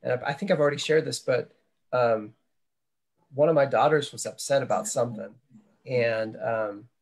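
A man's voice: medium pitch, normal speed. A man in a church class sharing a personal testimony, telling it in a reflective, meandering way. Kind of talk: storytelling testimony.

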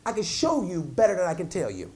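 A man doing a stand-up comedy set, telling stories with lively, loud punchlines. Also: high voice, fast. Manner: animated storytelling, loud punchlines. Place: comedy club stage. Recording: echoey club with crowd noise. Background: audience laughter.

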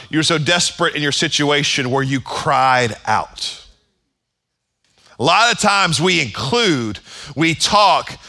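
A man's voice: on the high side, pushed and bright. A man pastor preaching a sermon at a church service, emphatic and full of repeated phrases.

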